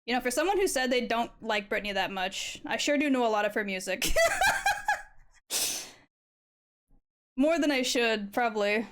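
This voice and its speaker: An art streamer with a slightly high, animated voice chats casually with viewers at a normal speed while she draws live, leaving long pauses. She reacts to their messages and laughs often.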